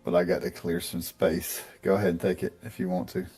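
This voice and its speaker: A man playing a tabletop game, talking in an unhurried, deliberate way. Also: low voice, sing-song, vocal fry, warm tone, slightly rough, soft background music. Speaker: player.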